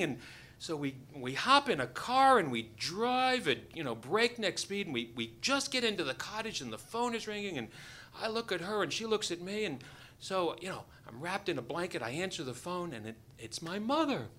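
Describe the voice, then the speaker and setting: A man's voice: high-pitched, normal speed, slight background noise. A man telling a true story to an audience, joking and acting out the people in it. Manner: animated, joking, acts out the voices of the people in the story. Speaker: doctor telling a personal story. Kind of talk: live storytelling.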